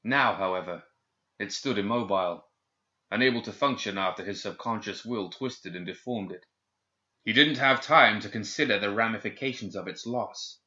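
A man narrating an audiobook in a steady, measured reading. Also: lowish voice. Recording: dull lo-fi recording.

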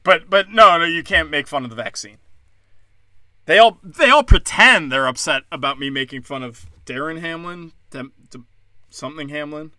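A man's voice: a little high, lively intonation, moderate pace, bright, forceful tone, dry recording. A young man ranting in a combative, sarcastic monologue, cursing and mocking his critics. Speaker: comedian.

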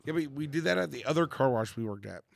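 Gravelly-voiced man, blunt and slangy. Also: medium pitch, expressive, fast, dry recording. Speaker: podcast co-host. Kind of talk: casual chat.

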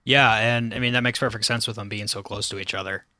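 A man's voice: fairly low pitch, steady tone, fast talker, bright, forceful tone, dry recording. An American man guesting on a podcast, giving short, dry answers in a casual chat. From United States.

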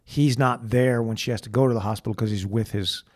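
A man co-hosting a podcast, casually retelling a TV scene and quoting the characters in a lowered, hushed voice. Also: brisk. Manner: animated storyteller who quotes characters in a lowered, hushed voice. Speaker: podcast co-host.

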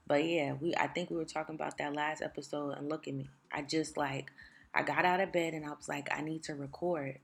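A woman in her thirties hosting a solo podcast in casual chat, her voice rough from just waking up, talking in a rambling way with lots of fillers. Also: low-pitched, fairly even intonation, brisk. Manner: chatty, rambling with many fillers. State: raspy morning voice, just woken up. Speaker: podcast host.

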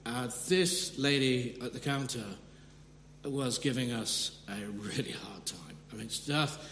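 A man's voice: mid-range voice, slow pace, fairly bright tone. A man preaching a sermon in an earnest way, often restarting his sentences and rising sharply for emphasis. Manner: earnest, with frequent restarts and sudden emphatic rises. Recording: echoey hall with long reverb, faint hum.

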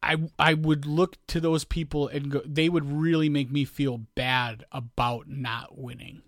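A man's voice: a little high, fairly even intonation, unhurried, no room sound, studio quality. A man co-hosting a podcast in casual chat, rambling and often restarting his sentences while he hunts for words. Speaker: podcast co-host.

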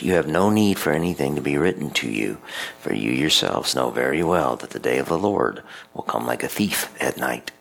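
A male priest reading scripture aloud and then preaching a homily in a measured, deliberate way. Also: very deep voice, creaky, fairly bright tone, poor audio.

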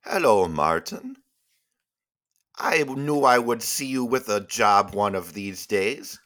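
A man's voice: lowish voice, animated, slow pace, fairly bright tone. A man voicing a polite, naive visitor in a comedy sketch, speaking formally. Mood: genial.

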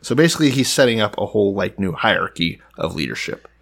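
Podcast co-host, male, lowish voice, loose and irreverent, reads Bible passages verbatim. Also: expressive, fast talker, creaky, fairly bright tone, breathy edge. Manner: reads scripture aloud, joking and profane. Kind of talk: casual irreverent Bible discussion.

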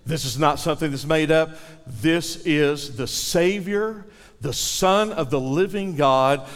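A man's voice: a little high, slow, big-room sound. A male pastor preaching a sermon with dramatic delivery, asking the congregation to repeat lines after him.

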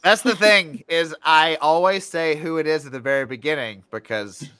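Dry-humored man with a bright voice. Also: a little high, moderate pace, clean tone, no echo. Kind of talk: casual podcast chat.

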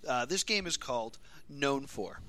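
A man's voice: medium pitch, expressive, unhurried, sharp tone. A man hosting a podcast, rambling through stories in a self-mocking, casual way. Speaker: podcast host.

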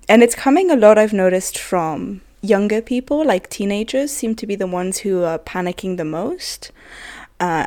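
A woman's voice: fairly low pitch, a little mellow, dry recording. A pregnant woman in a casual podcast chat, talking in a chatty, self-deprecating way and acting out her own worried thoughts. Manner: chatty, self-deprecating, quotes herself in a rush. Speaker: podcast co-host.

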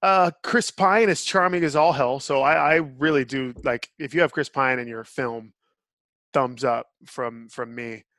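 A man's voice: medium pitch, fairly even intonation, measured pace, a bit bright, no room sound, studio quality. A man hosting a podcast, giving blunt, opinionated reviews in casual chat. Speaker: podcast host.

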